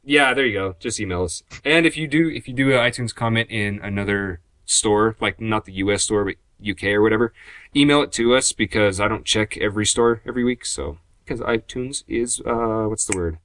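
A man's voice: lowish voice, fairly quick, fairly bright tone, dry recording. A man hosting a podcast in casual chat, rambling and joking in a sarcastic way. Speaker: podcast host; graphic designer.

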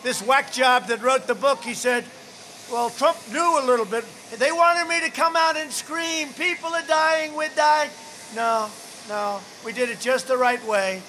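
A man's voice: extremely high pitch, measured pace, bright, forceful tone, slight background noise. A man giving a blunt, boastful rally speech, heard in a played clip. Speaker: politician at a rally.

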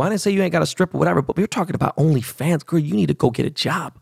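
A man's voice: a little high, racing, vocal fry, husky, dry recording, clean studio sound. A man, hosting a podcast and telling a story in a casual, profane, slangy rant. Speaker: podcast host.

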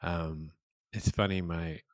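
Middle-aged male host, very low and smooth, reflective and unhurried, dry close-mic sound. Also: steady tone, no echo. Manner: slow, reflective, hesitant. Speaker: podcast host. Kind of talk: casual conversation.

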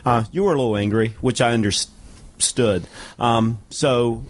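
A man's voice: mid-range voice, measured pace. A man, a wrestling referee, talking casually as a guest and laughing often. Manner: easygoing, laughs often, short agreeing replies. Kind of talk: casual conversational interview.

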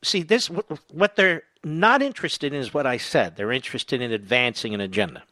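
A man's voice: mid-range voice, a little fast, few pauses, sharp tone, dry recording. A man hosting a talk radio show in a combative, sarcastic monologue, throwing asides to his producer, on a studio mic.

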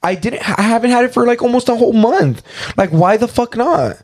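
A man's voice: extremely high pitch, expressive, fairly quick, darkish tone. A young man chatting casually as a podcast co-host. His talk wanders, full of "like" and easy swearing. The tone is loose and unscripted, mid-conversation with a friend. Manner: rambling, profane, many "like" fillers. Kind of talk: casual chat.

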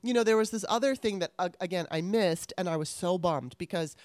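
A woman in casual chat, telling stories in an animated way and laughing often. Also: fairly low pitch, brisk, dry recording.

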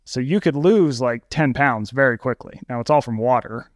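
A man's voice: medium pitch, normal speed, no echo, studio quality. A man speaking as an expert guest, explaining casually with many fillers. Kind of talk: interview answers.

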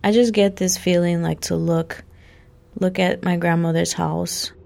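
A woman's voice: lowish voice, fairly even intonation, a little slow, vocal fry, a little mellow. A young woman telling a personal story in a casual way, full of "like" fillers.

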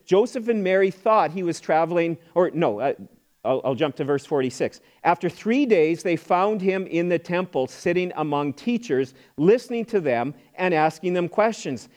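A man's voice: high voice, animated, moderate pace, darkish tone. A middle-aged man preaching a sermon as pastor, in a conversational way, often repeating words and acting out quoted voices.

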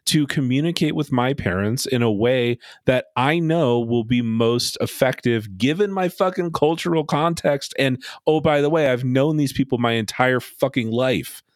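A man co-hosts a podcast, recapping a show with sarcasm and plenty of swearing. His voice sits at an ordinary middle pitch. The sound is close and dry, with no room around it. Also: normal speed, hardly any pauses, no echo. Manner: sarcastic, swears freely, acts out quotes in silly voices. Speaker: podcast co-host. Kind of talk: casual chat recapping a reality show.

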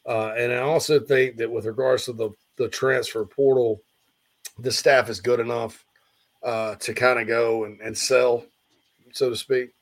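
A man's voice: mid-range voice, little pitch movement, unhurried. Man hosting a sports talk show. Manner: conversational, reads listener questions aloud.

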